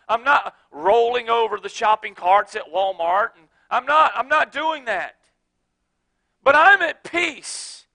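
A man preaching a sermon as pastor, moving from soft, chatty storytelling with repeated restarts to shouted exhortation. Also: very high voice, gravelly.

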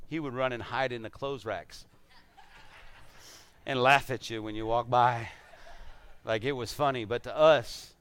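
A middle-aged man preaching to his church, telling funny, self-deprecating stories before turning earnest. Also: mid-range voice. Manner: animated storytelling, self-deprecating humor. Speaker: pastor. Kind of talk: sermon.

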